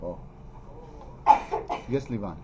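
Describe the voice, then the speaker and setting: A man teaching a math review lesson in a classroom, playfully teasing students and calling them by name. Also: takes it slowly. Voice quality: animated, pitch jumping high when teasing students. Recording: faint classroom noise.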